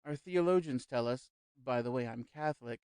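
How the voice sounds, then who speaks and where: Audiobook: man voicing an earnest, defensive young man, mid-pitched, hesitant, dry close read. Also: moderate pace, a little mellow, clean tone, no echo, lightly acted. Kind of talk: audiobook character reading.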